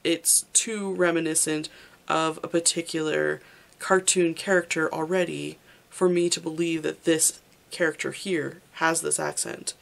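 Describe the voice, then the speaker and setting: A book reviewer talking casually through a library haul, halting often on fillers and restarts and giving candid, opinionated verdicts. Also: medium pitch, level tone, vocal fry, fairly bright tone. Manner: halting, with frequent ums and restarts.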